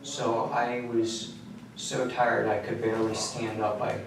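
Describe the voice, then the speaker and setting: A man in a police interrogation room, recounting events flatly and matter-of-factly, his voice often trailing off low. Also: a little slow, gravelly. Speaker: suspect confessing. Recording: echoey room, mic far off, faint noise.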